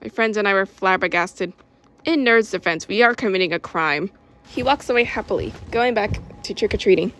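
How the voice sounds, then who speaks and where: A woman's voice: mid-range voice, a little fast, fairly bright tone. A woman reading her own story aloud in a casual way, correcting herself as she goes. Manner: informal, with self-corrections and giggles.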